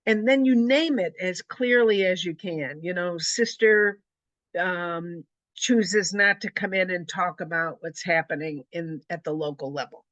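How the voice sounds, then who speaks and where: A woman presenting a webinar for religious leaders, teaching in a gentle, reflective way and often rephrasing her points. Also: on the low side, a little slow, no echo. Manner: gentle, repeats and rephrases, addresses listeners as sisters. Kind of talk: slow, reflective teaching talk.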